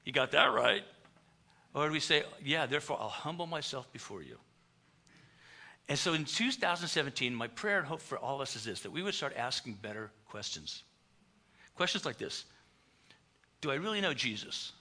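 Bright-voiced pastor telling a story. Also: male voice, medium pitch, normal speed, long pauses. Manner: animated, acts out quoted dialogue. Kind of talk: storytelling sermon.

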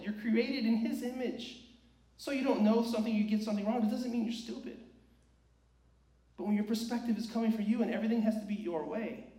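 A male preacher with a fairly high voice delivers an earnest sermon, pressing his point with rhetorical questions. He sounds set back from the mic in a reverberant church sanctuary. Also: a little mellow. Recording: echoey church hall, distant mic.

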